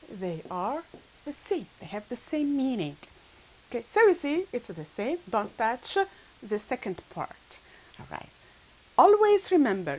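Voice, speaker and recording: A woman's voice: high voice, rough recording. A woman teaching an English grammar lesson to her pupils. She stresses key words, repeats them, and checks in often with "all right" and "okay.".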